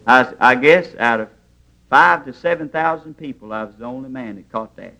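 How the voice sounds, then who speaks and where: A man's voice: mid-range voice, normal speed, bright, forceful tone, low-quality recording. A man preaching a sermon in a church, telling stories in plain, homespun grammar. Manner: folksy storytelling preaching, plain rural grammar.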